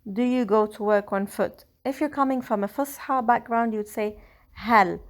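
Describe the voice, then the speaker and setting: A woman with a Lebanese accent, slowly and carefully explaining grammar in a language lesson. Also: a little high. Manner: slow, careful explaining with Arabic examples. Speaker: Arabic teacher. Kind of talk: scripted language tutorial.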